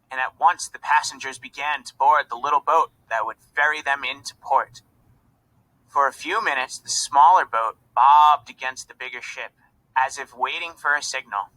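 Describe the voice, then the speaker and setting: A man reading a children's storybook aloud in an expressive narrating voice. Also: mid-range voice, poor audio. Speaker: reader.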